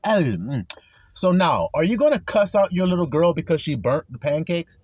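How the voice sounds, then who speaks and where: A man preaching an informal sermon with passion, acting out quotes, swearing casually and swinging from loud preaching to low asides. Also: animated, a little fast, no room sound.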